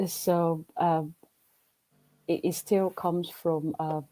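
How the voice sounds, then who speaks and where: A woman's voice: sits low, little pitch movement, extremely slow, mellow, no room sound, rough recording. A Ugandan woman for whom English is a second language, chatting earnestly on a video call and often repeating herself as she restarts. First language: not English. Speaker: livestream guest. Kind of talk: casual chat.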